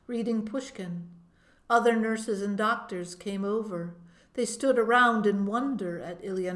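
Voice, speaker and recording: A woman narrating an audiobook, telling the story in a measured way. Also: medium pitch. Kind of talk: audiobook reading. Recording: roomy echo.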